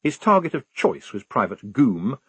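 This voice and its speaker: A man reading a storybook aloud in a wry, expressive manner. His voice is husky and moves lively through its pitch. The recording is close and dry. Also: moderate pace, no echo. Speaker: audiobook narrator. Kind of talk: storybook narration.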